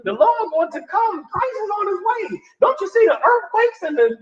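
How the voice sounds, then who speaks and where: A man doing a shrill frantic inner conscience. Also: sing-song, a little fast. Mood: panicked. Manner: shrill, urgent, scolding. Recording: distant, echoey, dull recording.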